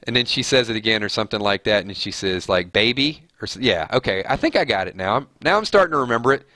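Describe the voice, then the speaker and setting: Live-stream host, man, nasal and bright, dry close sound, casual and laughing easily. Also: on the low side, lively intonation, quick pace, no room sound. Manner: chatty, laughs easily, thinks aloud. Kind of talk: casual live-stream chat reading viewer comments.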